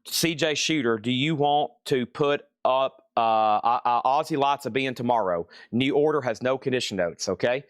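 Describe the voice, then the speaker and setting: A man running a live-stream record sale, calling prices and bids in brisk, chatty sales patter from an indoor shop. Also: mid-range voice, no room sound, clean studio sound.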